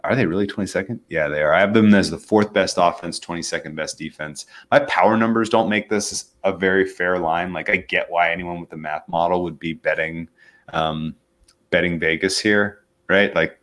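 A man's voice: low-pitched, fairly even intonation, normal speed, a bit bright. A man breaking down a football matchup and point spread in a casual betting chat, rambling with frequent ums and restarts. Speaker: sports betting analyst.

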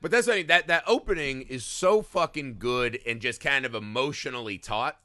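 Middle-aged man, podcast co-host, very bright sharp tone, dry close mic, casual and profane. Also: mid-range voice, a little fast, dry recording. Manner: profane, animated storyteller acting out quotes. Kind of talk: casual movie discussion.

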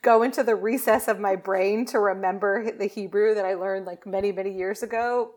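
A woman co-hosting a podcast in casual chat, chatty and quick to laugh. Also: medium pitch, steady tone, a little mellow. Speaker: podcast co-host.

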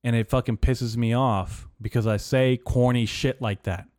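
A man's voice: medium pitch, fairly even intonation, moderate pace, a little mellow, no echo. A young man hosting his own podcast, ranting in a profane, rambling, sarcastic way into a close microphone. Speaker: podcast host. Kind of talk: casual solo podcast rant. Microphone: studio microphone.

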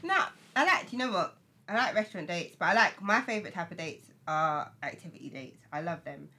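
A woman on a casual podcast, chatty and expressive. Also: lowish voice, a little fast, husky. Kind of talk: casual chat.

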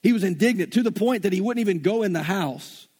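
Southern preacher guy, high-ish raspy voice, earnest folksy sermon talk. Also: fast, darkish tone. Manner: earnest, folksy, retells scripture in everyday slang. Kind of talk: conversational sermon.

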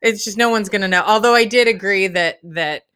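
A woman co-hosting a podcast in casual chat, with a teasing, expressive sense of humor. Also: mid-range voice, fairly quick, smooth. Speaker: podcast co-host.

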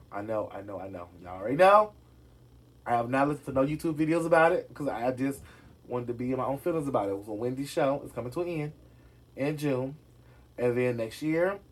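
A man chatting casually to his viewers about celebrity gossip, sassy and direct, often calling them "y'all". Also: mid-range voice. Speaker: gossip vlogger.

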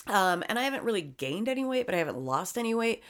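Woman co-host, animated delivery, casual storyteller, jokey and profane. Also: medium pitch, fast talker. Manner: lively, joking, swears casually. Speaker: podcast co-host. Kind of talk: casual chat and narration.

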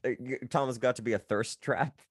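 A man's voice: medium pitch, steady tone, breathy edge, no echo. A young man, a voice actor on an audio drama, joking and redoing lines with his castmates at a recording session. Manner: joking, self-interrupting, quick retakes. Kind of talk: casual behind-the-scenes banter.

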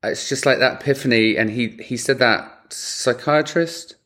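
A man's voice: medium pitch, moderate pace. Male podcast co-host with a mid-range voice, talking openly and with a lot of feeling. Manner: animated, emotional, swears freely. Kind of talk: casual chat.

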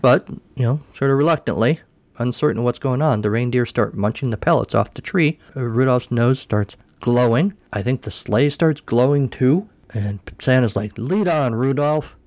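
A man's voice: mid-range voice, moderate pace, a little mellow, no echo. A man hosting a podcast, recapping a cartoon special in a casual way with wry, sarcastic asides. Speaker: podcast host.

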